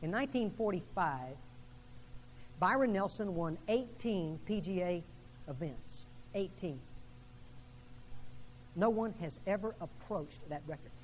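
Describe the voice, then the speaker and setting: A man's voice: sits high, animated, a little slow, pauses often, in a large hall, a little hiss or hum, poor audio. A man preaching a sermon to his congregation in a church, building emphasis through a string of questions. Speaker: pastor. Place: church sanctuary.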